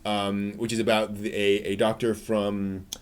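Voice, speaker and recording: A man's voice: lowish voice, little pitch movement, unhurried, clean tone. A man hosting a casual chat, hesitant and full of "um"s. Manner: hesitant, many "um"s. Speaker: podcast host.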